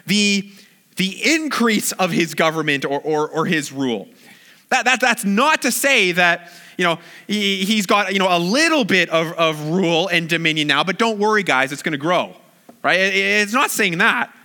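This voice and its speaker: A man's voice: high-pitched, normal speed, pushed and bright. A man preaching a sermon with enthusiasm, often repeating words and checking in with "right?".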